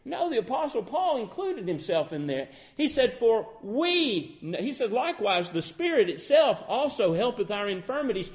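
Male preacher, sermon delivery, higher-pitched voice, earnest with emphatic swells and quiet reflective stretches. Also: very animated. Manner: earnest, rising to emphatic peaks then quieting to soft reflection; quotes King James scripture in measured cadence.

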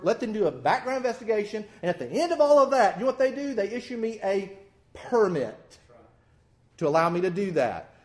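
A man preaching a sermon in a folksy, animated way with self-deprecating humor. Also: sits high.

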